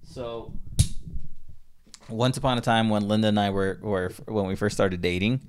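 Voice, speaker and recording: A young man co-hosts a casual podcast in a lowish, smooth voice at a moderate pace. He rambles, stumbles over his words, interrupts himself and laughs often.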